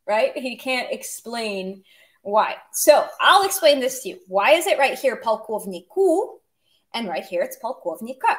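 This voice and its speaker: A woman's voice: a little high, animated, moderate pace. Chatty woman teaching a language lesson. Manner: chatty, explains with humor and asides. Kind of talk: casual online language lesson.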